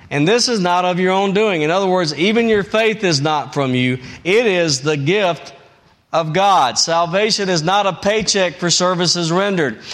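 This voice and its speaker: A man preaching a sermon as pastor, emphatic and repetitive, swinging between raised high emphasis and low, quiet phrases.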